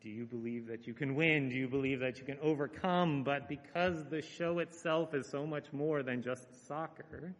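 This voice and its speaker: A man preaching a conversational sermon, earnest and relaxed, with frequent "uh" fillers. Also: medium pitch, normal speed, few pauses. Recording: echoey hall with long reverb.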